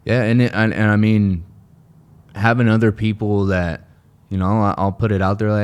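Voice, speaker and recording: A man's voice: on the low side, fairly even intonation, brisk, smooth. A man in recovery from addiction, talking earnestly as a guest in a casual interview, rambling with many restarts and fillers.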